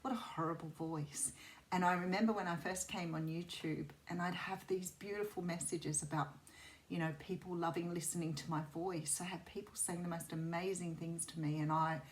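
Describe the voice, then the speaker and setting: A woman's voice: lowish voice, fairly even intonation, fairly quick. Soothing Australian woman reading tarot. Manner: rambling and intuitive, with many fillers and restarts. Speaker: tarot reader. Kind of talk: chatty tarot reading to camera.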